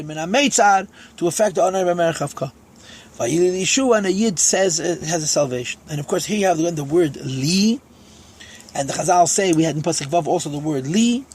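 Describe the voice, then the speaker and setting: A man with a husky, raised voice teaches a lesson on Psalm verses. He quotes each line in Hebrew and then unpacks it in English, step by step. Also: high-pitched. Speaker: Torah teacher.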